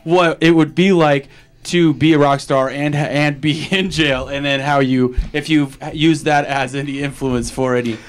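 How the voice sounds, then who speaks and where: A man's voice: fairly high pitch, fairly even intonation, unhurried. A man hosting a casual interview, asking rambling questions and laughing easily. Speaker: host.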